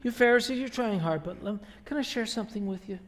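A man playing a gentle, overly soft-spoken preacher who speaks in a coaxing, apologetic way. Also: high-pitched, animated, fast talker, long reverb tail. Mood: mock gentle.

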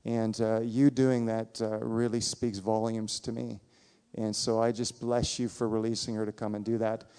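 Smooth-voiced man addressing a church. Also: fairly low pitch, flat delivery, moderate pace, mellow. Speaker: church trip leader. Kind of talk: church service announcement.

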